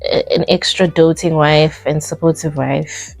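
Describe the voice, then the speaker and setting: A woman's voice: sits low, fairly even intonation, a little slow, vocal fry, faint music behind, poor audio. A woman, co-hosting a casual couple's vlog and making chatty, emphatic remarks. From South Africa. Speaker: co-host of a couple's channel. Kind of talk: casual chat.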